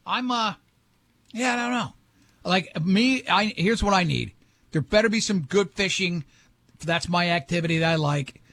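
A man's voice: sits high, moderate pace, fairly bright tone, no echo. A middle-aged man hosting a talk show, telling rambling, joking stories in casual chat. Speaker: radio show host.

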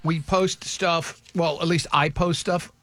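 High-voiced male radio host. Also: takes it slowly, faint music behind. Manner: animated, reads listener comments aloud. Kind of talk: morning radio banter.

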